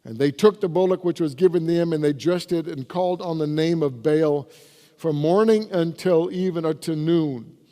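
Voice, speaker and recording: A man's voice: a little high, normal speed, warm tone. A man, the pastor, preaching a sermon and reading scripture aloud with rising emphasis. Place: church sanctuary. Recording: reverberant church hall.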